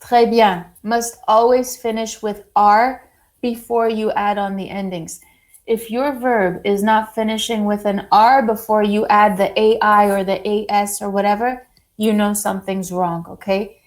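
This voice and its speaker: A woman teaching a French lesson to a class, slow and deliberate, praising students often. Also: medium pitch, steady tone, rough recording.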